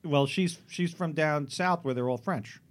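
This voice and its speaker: A man's voice: fairly high pitch, measured pace. A man hosting a radio show in a studio, joking and rambling with restarts.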